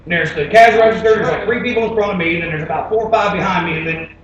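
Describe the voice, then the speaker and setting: A man's voice: sits high, racing, a crowd in the background. A man telling comic stories on stage in a laid-back, rambling way, with fillers. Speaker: storyteller. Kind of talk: live comic storytelling on stage. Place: stage before an audience. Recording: distant, roomy, dull live recording.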